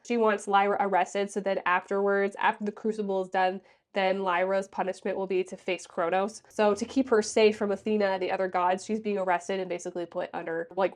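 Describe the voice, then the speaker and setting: A woman reviewing a book on her vlog, recapping the plot in a sassy, exasperated way and acting out the characters' lines. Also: mid-range voice. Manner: animated, acts out characters' lines.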